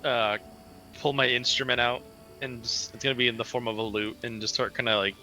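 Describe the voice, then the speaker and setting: Bright-voiced, playful tabletop player. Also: male voice, mid-range voice, level tone, fairly quick, soft background music. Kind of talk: tabletop role-play.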